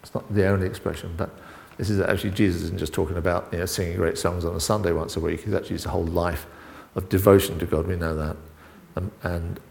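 A middle-aged man preaching an informal sermon, halting and full of restarts and asides as he talks with the congregation. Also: low voice, steady tone, gravelly, a little mellow. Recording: long reverb in a hall.

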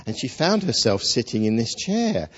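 A man preaching a sermon, telling stories with playful jokes and dramatic pauses. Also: mid-range voice, sing-song, slightly rough. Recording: dull lo-fi recording.

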